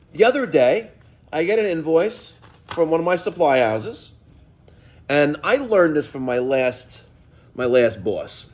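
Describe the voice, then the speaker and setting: A middle-aged plumbing contractor talks straight to his viewers in a casual vlog rant. His voice sits a bit high for a man and swings widely up and down as he tells stories. He is emphatic and swears freely. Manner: emphatic, profane, storytelling.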